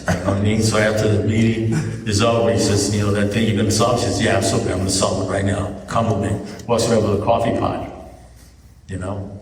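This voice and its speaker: A man's voice: lowish voice, darkish tone, distant mic. A man speaking at a recovery meeting, telling a story to an audience in a conversational way, often asking "you know what I mean?". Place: large meeting hall with an audience. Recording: echoey hall, mic heard from afar.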